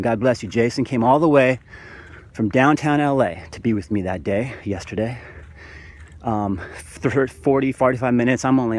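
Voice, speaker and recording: Man of medium pitch, fired-up preachy vlogger who rambles and restarts, keeps saying "guys". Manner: addresses viewers as "guys". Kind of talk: spiritual monologue to camera.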